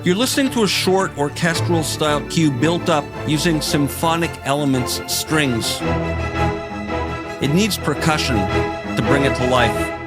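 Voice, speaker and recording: A man calmly explaining how he builds a cinematic cue in music production software, in a tutorial voice-over. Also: fairly high pitch, measured pace. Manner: calm, explanatory, technical. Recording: voice over loud background music.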